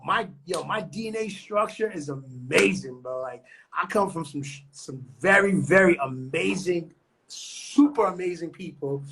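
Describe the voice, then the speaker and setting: A man's voice: fairly high pitch, vocal fry, fairly bright tone, husky. A young man from New York talking on a podcast in a loose, slangy, profane way. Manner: slangy, profane, street talk. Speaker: podcast co-host. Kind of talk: casual podcast chat.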